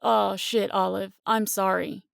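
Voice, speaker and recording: A woman's voice: mid-range voice, level tone, a little slow, vocal fry, smooth, dry recording, clean studio sound. A woman voicing a drunk, pushy young male swimmer in an audiobook, clumsy and insistent. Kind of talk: audiobook narration.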